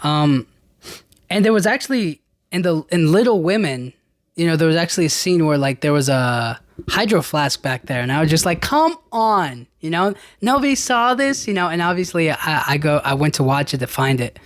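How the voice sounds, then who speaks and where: A man with a slightly high voice hosts a solo podcast, talking loosely and rambling, often restarting his sentences and dropping casual slang. The sound is close and dry, with no room around it. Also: brisk, no room sound. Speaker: podcast host.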